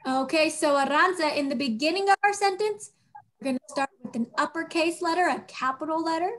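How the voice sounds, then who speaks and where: High-voiced teacher coaxing young kids. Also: female voice, fairly bright tone. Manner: patient, encouraging, slow and clear. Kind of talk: online class teaching young children. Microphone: video call.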